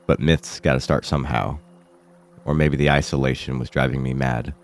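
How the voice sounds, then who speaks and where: A man with a sick, rough-sounding voice, telling a first-person horror story in a low, somber way as a horror channel host. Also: fairly even intonation, moderate pace, faint music behind.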